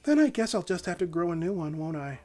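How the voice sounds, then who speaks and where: A man putting on a sneering storybook villainess who toys with her prey, her voice pitched up high and swooping through mocking, sing-song phrasing. Her taunts bounce lively up and down. Faint music sits underneath. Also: fast. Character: taunting, cruel female villain with playful menace.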